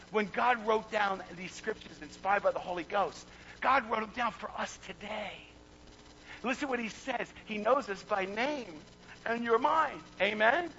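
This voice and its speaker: Fervent high-voiced gravelly preacher man. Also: lo-fi sound, slight background noise. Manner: fervent, builds to shouting, repeats words. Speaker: pastor. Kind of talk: sermon.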